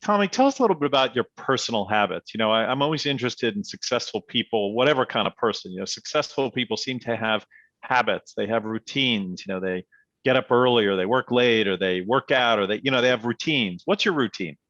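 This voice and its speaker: A man's voice: medium pitch, expressive, brisk, a bit bright, dry recording. A man hosting an interview who asks his guest questions in a conversational way, building up to each one. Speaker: podcast host. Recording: dull, dry sound.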